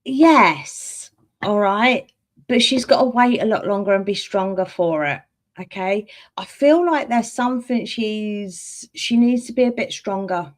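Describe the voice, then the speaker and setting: A woman gives tarot readings on a live stream. She talks gently and warmly to viewers, calling them sweetheart and darling, and laughs easily between cards. Her voice sits at a middle pitch. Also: expressive, unhurried. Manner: chats and laughs while reading. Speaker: tarot reader and clairvoyant.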